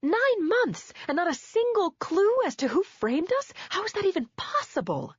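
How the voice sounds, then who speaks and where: A woman's voice: on the high side, big pitch swings, moderate pace, breathy edge, no room sound, dull audio, pitched above the performer's own voice. A woman voicing a desperate wife who refuses to give in, speaking in a strained, raised voice. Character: desperate wife standing firm on principle.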